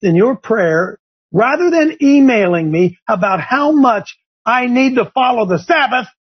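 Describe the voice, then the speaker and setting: A man hosting a Christian talk show, preaching with passion that rises to near shouts. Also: extremely high pitch, lively intonation, a little slow, breathy edge. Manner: impassioned, rising to near shouts. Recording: dull lo-fi broadcast audio.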